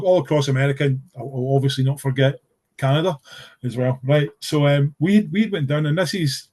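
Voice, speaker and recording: A man's voice: a little high, dark tone. A middle-aged man from Scotland with a Scottish accent, telling stories in a casual podcast chat, rambling with lots of fillers and restarts, earnest about his subject. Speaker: podcast guest. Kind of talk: casual conversational storytelling.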